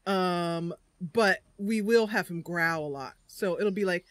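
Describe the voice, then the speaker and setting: A woman's voice: lowish voice, unhurried, few pauses, no room sound. A woman streaming a roleplay game, chatting casually and laughing often.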